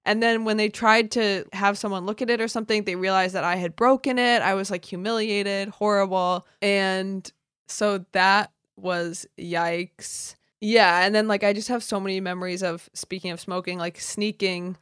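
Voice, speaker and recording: A young woman co-hosting a casual chat, telling lively stories and jumping into high voices when she quotes people. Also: moderate pace, clear, resonant tone, no echo, studio quality. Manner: animated storyteller who jumps into squeaky high voices for quoted people. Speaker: podcast co-host.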